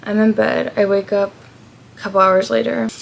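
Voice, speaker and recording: Young American woman vlogger, casual storyteller, heavy vocal fry, mid-pitched, acts out the voices in her story. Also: level tone, normal speed, slight background noise. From United States. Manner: chatty, acts out quoted people. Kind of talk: storytime travel vlog.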